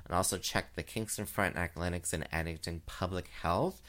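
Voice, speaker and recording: Man, drag queen host, casual chat, deep voice, bright, lots of fillers and laughs. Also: a little fast. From Canada. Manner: chatty and giggly, many fillers, jumps into high sing-song voices. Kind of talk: casual chat show monologue. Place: home, recorded live.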